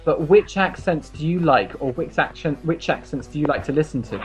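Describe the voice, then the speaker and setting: A man's voice: a little high, fairly quick, over music, rough recording. A man hosting an online English conversation club, talking casually with many fillers and restarts. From New Zealand.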